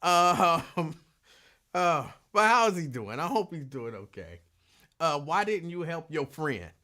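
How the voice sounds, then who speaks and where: A man's voice: a little high, very animated, slow, bright, forceful tone. A man hosting a live afternoon show, greeting listeners by name in a laid-back drawl and laughing as he tells stories. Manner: laid-back, drawling, breaks into laughter while telling a story. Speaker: radio show host.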